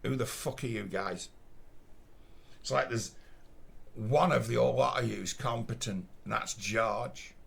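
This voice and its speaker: A man with a Lancashire accent tells his story in a blunt, casual way, swearing freely and mimicking the people involved. His voice is gravelly with a husky edge, at an everyday middle pitch. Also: unhurried, long pauses, a bit bright. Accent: Northern English, Lancashire. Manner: blunt, swears often, acts out quoted voices.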